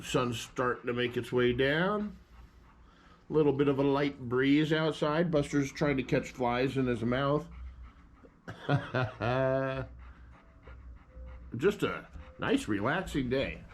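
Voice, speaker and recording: A man vlogging casually, switching to a high sing-song voice for his dog and talking easily to the camera. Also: takes it slowly, long pauses, a little hiss or hum. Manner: relaxed, easygoing narration. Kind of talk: casual vlog chat. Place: at home with a dog.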